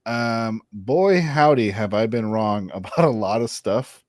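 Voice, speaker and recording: A man co-hosting a gaming podcast in casual chat, relaxed and chuckling as he talks. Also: lowish voice, a little slow, no room sound, clean studio sound. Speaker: podcast co-host.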